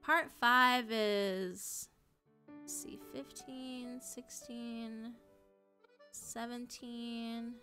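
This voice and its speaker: Faint music plays behind a young woman streaming live and reacting to a story. Her tone is steady and her words drawn out, yet she chats emotionally and swears often, shifting from loud outrage to low, dejected mumbling.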